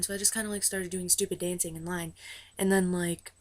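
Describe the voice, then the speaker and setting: A woman telling a story to camera in a rambling, excitable way, full of "like" and "uh". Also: on the low side, fairly quick. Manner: rambling, heavy use of "like" and "uh"; excitable, gushing. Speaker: vlogger recounting a concert meet-and-greet.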